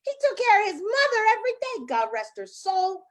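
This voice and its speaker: A woman doing a loud brash Italian-American mom. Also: high voice, animated, a little slow, slight background noise. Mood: furious. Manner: shouting, scolding.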